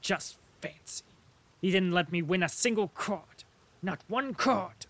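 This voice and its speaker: A man voicing a gloomy, hot-tempered small cavalry officer who shouts and rants. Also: high voice, unhurried, pitched above the performer's own voice. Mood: ranting. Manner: loud, blustering, shouting.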